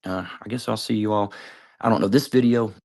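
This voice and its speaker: Cursing vlogger ranting about people by name; deep voice, rough with heavy vocal fry, rambly delivery. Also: male voice, steady tone, fairly quick, a little mellow. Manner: swears constantly, calls out people by name; trails off, hedges with "I don't know". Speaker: video commentator. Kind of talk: rambling profane rant to camera.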